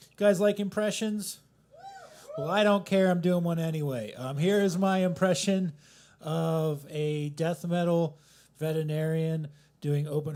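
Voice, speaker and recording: A man in his thirties doing a self-deprecating open mic stand-up set in a coffee house, swinging between loud punchlines and mumbled asides. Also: fairly high pitch. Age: 30s. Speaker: stand-up comedian.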